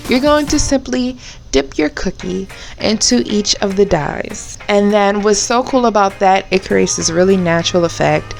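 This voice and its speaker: Give me a bubbly woman with a middle-pitched voice walking viewers through a baking tutorial. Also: normal speed, gravelly, faint music behind. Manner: chatty, bubbly, talks straight to viewers. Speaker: baker and cake channel host.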